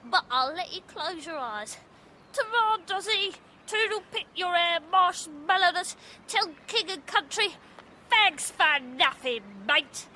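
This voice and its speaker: Brief: a dopey lovesick sidekick for radio comedy, very high and bright. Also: female voice, expressive, slow, slight background noise, exaggerated voice. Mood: smitten. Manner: dopey, gushing and earnest. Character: lovesick, snotty working-class young woman sidekick. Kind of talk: comic radio drama acting.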